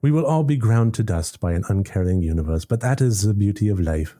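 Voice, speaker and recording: A scornful, grandly musing female house cat with a put-on French accent, as a man reads her lines in a story game. She is aloof and mellow-toned, and sits a notch higher than the man's own fairly low speech. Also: animated, a little fast, a little hiss or hum, natural voice. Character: haughty philosophical female cat. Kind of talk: reading a story game aloud.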